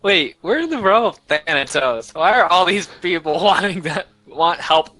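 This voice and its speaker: A man's voice: high-pitched, expressive, normal speed, sharp tone, no echo. A man playing a tabletop game, joking and laughing often, with faint music behind. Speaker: player. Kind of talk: casual tabletop play.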